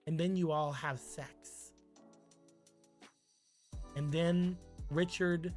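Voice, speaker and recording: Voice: mid-range voice, a little mellow. A streamer casually telling a rambling, crude made-up story on a live stream, with many "like"s.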